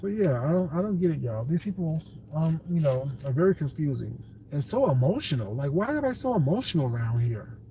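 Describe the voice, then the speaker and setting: A man's voice: fairly high pitch, sing-song, fairly quick, few pauses, mellow, a little hiss or hum. A man hosting a casual livestream, answering his viewers' comments in a blunt, dismissive way and calling them baby. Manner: laughs often, talks back to chat.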